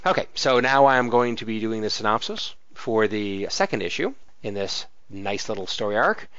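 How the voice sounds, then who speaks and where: Man, relaxed podcast co-host, dry dull home mic. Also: fairly low pitch, moderate pace, clear, resonant tone, no room sound. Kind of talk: casual chat and read synopsis.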